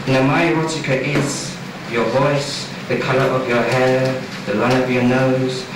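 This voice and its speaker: A man reciting his poetry in a measured, rhythmic way at a small club night, recorded from across the room. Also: mid-range voice, level tone. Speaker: poet and host. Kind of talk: poetry reading. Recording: far-off echoey live room recording with background noise.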